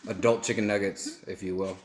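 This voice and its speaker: Joking low-voiced young man in echoey room. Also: fairly even intonation, fairly quick. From El Paso, Texas. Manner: joking, rambling storyteller. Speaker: vlogger. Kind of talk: casual story-time chat. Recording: echoey room, faint noise.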